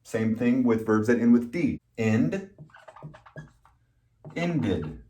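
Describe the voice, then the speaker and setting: A man teaching English pronunciation, speaking slowly and patiently, repeating words and spelling out letters. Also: mid-range voice, sing-song, warm tone, slight background noise. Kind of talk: slow, deliberate pronunciation lesson.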